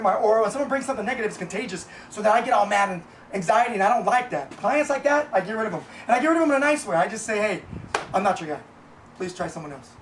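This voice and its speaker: A man's voice: sits high, distant mic, a little hiss or hum. A man venting bluntly and profanely in a casual rambling monologue, recorded in an echoey room away from the mic. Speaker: vlogger, business owner. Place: Boise, Idaho.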